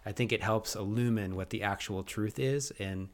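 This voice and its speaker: Earnest low-voiced man on a faith podcast. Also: normal speed. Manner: earnest, thoughtful, frequent restarts. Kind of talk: reflective faith podcast talk.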